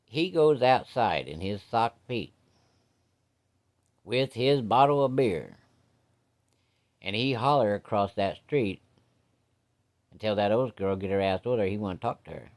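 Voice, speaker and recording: A man spins a yarn in a loose, folksy way, swearing freely and speaking straight to his audience. His voice sits a little on the low side. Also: expressive, a little slow, long pauses. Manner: folksy, cussing, addresses listeners. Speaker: storyteller. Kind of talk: casual spoken storytelling.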